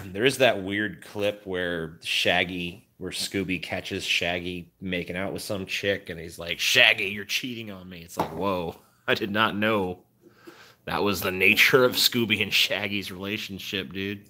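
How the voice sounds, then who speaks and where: A man streaming casually, rambling with profane, deadpan musings. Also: deep voice, unhurried. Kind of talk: casual chat.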